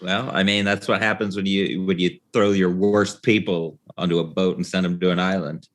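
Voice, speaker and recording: A comedian chatting casually on a podcast in a wry, joking way. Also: male voice, deep voice, steady tone, moderate pace.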